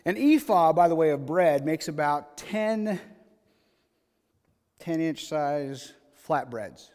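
A man with a high-pitched voice preaches a sermon, moving between reading scripture and acting out the dialogue in everyday terms. His voice rings out with a long reverb, as if filling a church sanctuary. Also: takes it slowly. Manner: animated preaching, reads scripture aloud and acts out paraphrased dialogue. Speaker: pastor.

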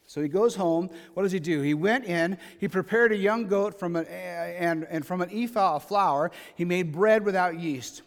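A man with a high-pitched voice preaches a sermon, moving between reading scripture and acting out the dialogue in everyday terms. His voice rings out with a long reverb, as if filling a church sanctuary. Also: brisk. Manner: animated preaching, reads scripture aloud and acts out paraphrased dialogue. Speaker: pastor.

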